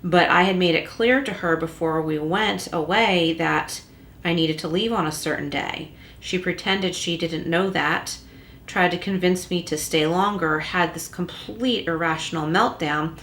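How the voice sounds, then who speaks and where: Tarot reader lady, lowish voice, reassuring and direct, echoey room with some faint rumble. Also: unhurried, fairly bright tone. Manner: reassuring, addresses the listener directly. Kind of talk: tarot reading to camera. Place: room at home with a closed door.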